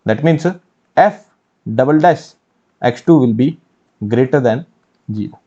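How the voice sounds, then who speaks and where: In an online exam-prep lecture on engineering mathematics, an Indian English-accented man repeats key phrases and answers his own questions. He speaks at a measured pace in an animated, warm, mid-range voice, and the audio is dull.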